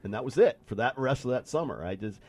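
A man's voice: mid-range voice, lively intonation, fast talker, darkish tone, husky. A middle-aged man hosting a casual talk show, telling rambling cycling stories with repeated phrases. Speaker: podcast host and former bike racer. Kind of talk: casual conversational storytelling.

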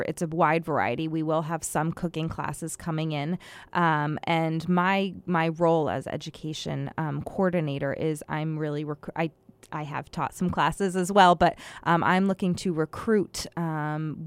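Low-voiced woman, hesitant. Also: a little slow, dry recording. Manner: hesitant, many ums and restarts. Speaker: education coordinator at a community kitchen. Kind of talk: casual interview talk.

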